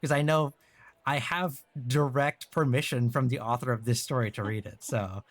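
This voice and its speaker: A man's voice: medium pitch, fairly even intonation, moderate pace, no echo. A man hosting a live-stream story time, chatting in an easygoing way and thinking aloud. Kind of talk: casual live-stream chat.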